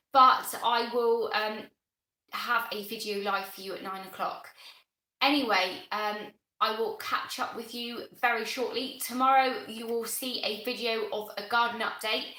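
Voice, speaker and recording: A woman's voice: on the high side, steady tone, unhurried, sharp tone, reverberant, low-quality recording. A woman with a Bristolian accent, hosting a casual gardening live stream, chatting on and thanking viewers by name. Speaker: gardening channel host.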